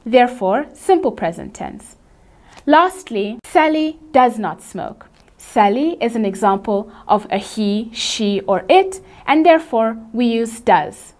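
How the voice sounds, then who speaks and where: A woman with a slightly raised pitch gives a scripted grammar lesson to learners of English. She explains each rule in a steady, measured way. Example sentences come out slow and carefully spaced. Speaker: English teacher.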